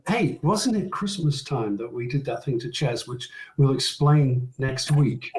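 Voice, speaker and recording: A man's voice: mid-range voice, lively intonation, unhurried, darkish tone. A man in his sixties co-hosting a comedy podcast, chiming in with short agreements and frequent chuckles. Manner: chuckling, short affirming interjections. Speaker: podcast co-host, former radio DJ. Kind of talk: casual comedic banter.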